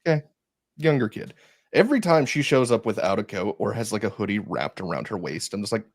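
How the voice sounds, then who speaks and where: Low gravelly man telling animated stories. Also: fairly quick, no room sound, studio quality. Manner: animated storyteller, acts out his own reactions. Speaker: podcast guest. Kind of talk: casual chat.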